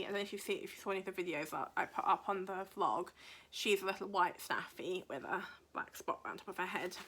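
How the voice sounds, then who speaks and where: Woman, bright clear voice, casual rambling chat, thinking aloud, occasional murmured asides. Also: medium pitch. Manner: rambling, thinking aloud while leafing through a book. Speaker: craft podcast host.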